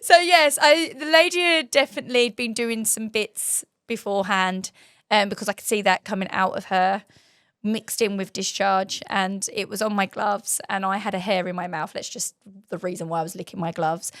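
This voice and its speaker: A woman, hosting a casual chat and telling stories with lots of giggling and lively energy. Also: medium pitch, moderate pace, dry recording, studio quality. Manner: giggly animated storytelling. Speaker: host and waxing trainer.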